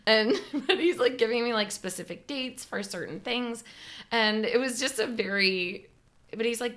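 A young woman co-hosting a podcast, telling stories in casual chat, full of "like" and quick laughs. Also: a little high, fairly bright tone. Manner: chatty storyteller, heavy use of "like", laughs often. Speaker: podcast co-host.

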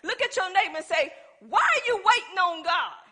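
A preacher delivers a sermon in a very high, bright, forceful voice, animated and at a normal speed. Her style is folksy and emphatic, and she keeps turning to the congregation for a response.

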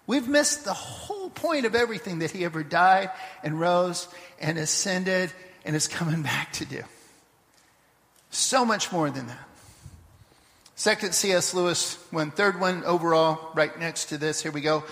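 High-voiced pastor preaching in a reverberant church. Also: male voice, animated, unhurried, a bit bright. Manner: conversational preaching, storytelling with restarts. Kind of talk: sermon. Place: church sanctuary.

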